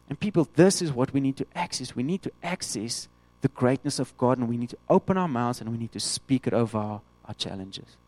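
A man preaching a sermon, animated, acting out the voices of the people he quotes. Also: mid-range voice, brisk, dry recording.

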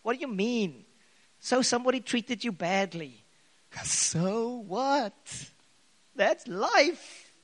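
A man preaching a sermon in an animated way, his voice echoing in a church hall. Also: very high voice, slow, pauses often. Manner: animated preaching with bursts of loud acted quotes. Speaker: pastor. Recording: long hall reverb.

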